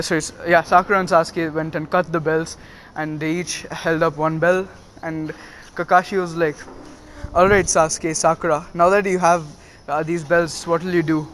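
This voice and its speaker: A man's voice: a little high, a bit bright, a little hiss or hum. A young man casually retelling a fan story, rambling with lots of fillers and little laughs.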